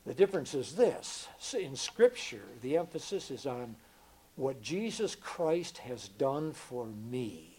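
An older man preaching a sermon, earnest and emphatic, often repeating words and dropping from loud emphasis to hushed tones. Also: medium pitch, very animated, takes it slowly, breathy edge, low-quality recording.

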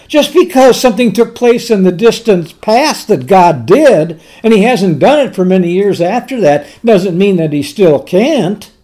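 Guy preaching a sermon real slow and deliberate, punches the key words. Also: high voice, mellow. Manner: slow, deliberate Bible teaching with emphatic pauses.

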